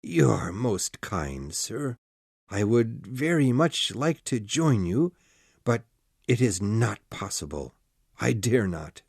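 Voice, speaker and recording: A woman voicing a troubled, frightened gentleman doctor in an audiobook, speaking slowly in a lowered, strained voice. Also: sing-song, vocal fry, husky, no echo, clean studio sound, full character voice. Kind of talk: audiobook character voice.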